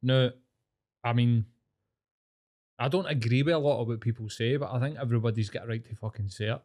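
A man's voice: mid-range voice, a little fast, darkish tone. A Scottish man co-hosting a podcast, chatting casually, blunt and full of swearing, working himself up into rants. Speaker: podcast co-host.

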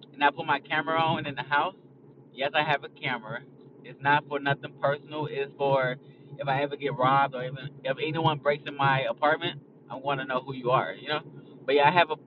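Young male host, casual rambling chat, somewhat higher voice, off-mic and muffled with road noise. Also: far from the mic. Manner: blunt, profane, rambling. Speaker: podcast host. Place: in a car on a highway.

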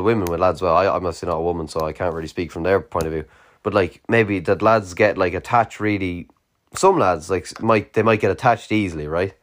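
A young Irish man with a very low, deep voice talks through a late-night solo podcast. He rambles loosely, with plenty of "like" and casual swearing. He sounds tired, with a yawn now and then. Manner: rambling, sweary, filler-heavy. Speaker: podcast host.

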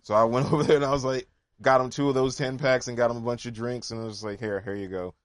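A man's voice: mid-range voice, fairly even intonation, fast, dry recording. A man who is a musician, telling stories in a laid-back, jokey casual chat. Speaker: musician, podcast co-host.

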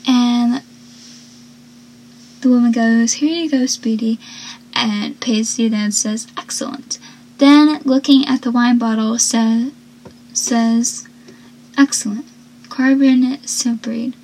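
A woman's voice: fairly high pitch, steady tone, slow, long pauses, a little mellow, rough recording. A young woman casually recapping a TV episode, chatty and rambling, often correcting herself mid-sentence.

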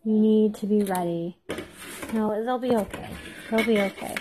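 A woman's voice: medium pitch, moderate pace, noisy background. A woman in her thirties chatting casually to camera while baking, rambling and self-deprecating, laughing often. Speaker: vlogger.

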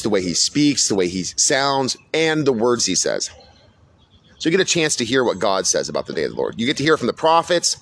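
A middle-aged podcast preacher gives an unscripted religious monologue in a medium-pitched, slightly bright voice, with a little background noise. His sermon is blunt and profane, and he keeps repeating his warnings.

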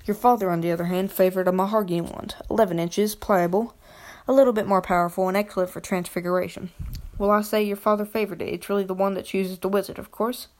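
A woman voicing a soft-spoken, eerie old male wandmaker while reading a storybook aloud. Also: medium pitch, fairly even intonation, fast, natural voice.

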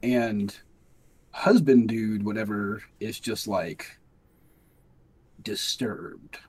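A man's voice: fairly low pitch, very slow, darkish tone, a little hiss or hum. A man in casual chat, walking through a movie scene with many fillers and wry remarks. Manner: rambling, filler-heavy, wry. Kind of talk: casual chat reviewing a film.

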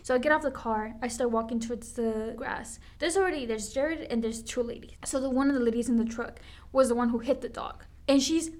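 Animated young woman telling stories. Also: on the high side, a little fast. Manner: animated storyteller, says "like" often. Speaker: podcast co-host. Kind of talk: casual chat.

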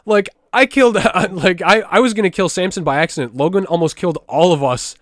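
A man's voice: sits high, fairly quick, no room sound, studio quality. A young man in casual chat who talks bluntly, swears a lot and bursts out with emphasis. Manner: blunt, profane, emphatic outbursts.

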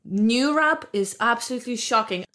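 A woman's voice: a little high, lively intonation, moderate pace, pushed and bright. Blunt woman, Russian speaker. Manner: blunt, swears, laughs easily. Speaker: podcast co-host. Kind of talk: casual chat.

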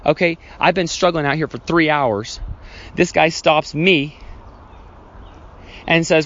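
A man's voice: fairly even intonation, a little slow, long pauses, fairly bright tone. Rambling male podcast host, dull lo-fi sound. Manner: rambling, self-correcting, acts out childhood scenes with raised pitch. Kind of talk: reflective solo podcast storytelling.

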